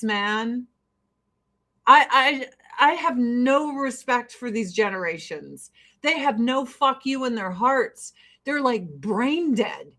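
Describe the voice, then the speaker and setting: A woman's voice: a little high, fairly bright tone. A woman in her forties ranting casually and profanely to camera while getting ready. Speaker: vlogger.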